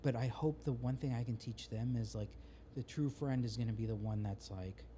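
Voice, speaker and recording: Relaxed, mellow-voiced man talking casually. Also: mid-range voice, normal speed, a little hiss or hum. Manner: relaxed, rambling talk with restarts and slang. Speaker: podcast guest, author. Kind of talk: casual podcast conversation.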